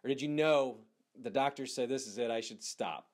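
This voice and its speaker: A man's voice: mid-range voice, moderate pace. A man hosting a casual interview, asking friendly questions.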